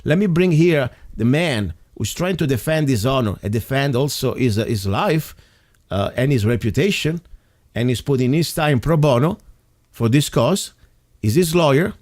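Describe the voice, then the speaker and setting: A man hosting an interview show, speaking earnestly and haltingly, with frequent restarts and fillers. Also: mid-range voice, lively intonation, a little mellow, dry recording, studio quality. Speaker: interview host. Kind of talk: opinionated talk show monologue.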